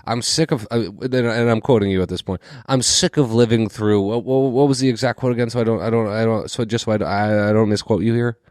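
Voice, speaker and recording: A young man with a fairly low voice chats on a comedy podcast. He rambles and stammers through repeated words, and the sound is dry and close. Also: fast, hardly any pauses, darkish tone, no echo. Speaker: podcast co-host. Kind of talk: casual comedic banter.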